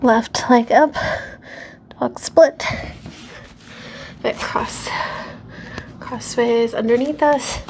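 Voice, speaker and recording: A woman's voice: on the high side, fairly even intonation, very slow, long pauses, darkish tone, a little hiss or hum. A woman guiding a casual yoga class at home, out of breath and sweaty, chatty and self-deprecating, with sighs between cues. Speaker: yoga instructor.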